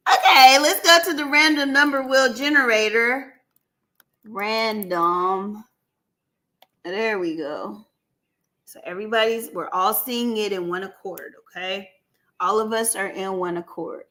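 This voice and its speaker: A woman hosting a live stream in a casual, chatty way. She keeps talking to her viewers as y'all and breaks into excited shouts and laughs. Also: medium pitch, measured pace. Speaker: livestream host running a giveaway. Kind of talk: casual livestream chat with viewers. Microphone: computer mic on a live stream.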